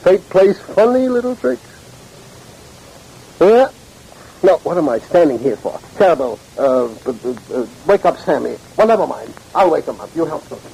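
An actor playing an excitable, fretful middle-aged father in a 1940s radio drama. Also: a little high, normal speed, gravelly, a little hiss or hum, rough recording. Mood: anxious.

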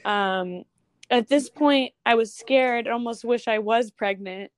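A young woman, a guest photographer, talking casually in an interview, chatty with quick asides and restarts. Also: fairly high pitch.

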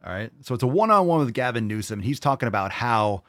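Animated, profane male podcast host. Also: medium pitch, fast talker, hardly any pauses, no echo, studio quality. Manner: profane, emphatic, ranting. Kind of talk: casual opinion rant.

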